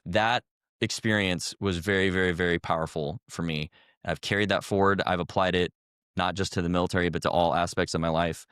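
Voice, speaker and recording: A man's voice: low voice, fairly bright tone, smooth, no echo, clean studio sound. A man in his thirties, a former army officer, telling an earnest, reflective story as a podcast guest.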